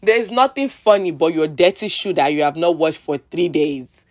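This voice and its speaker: A woman with a Nigerian accent, delivering a heated, exasperated rant as a vlogger, with sarcastic jabs and repeated pleas, swinging between loud outbursts and low mutters. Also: lively intonation, moderate pace. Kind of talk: rant vlog.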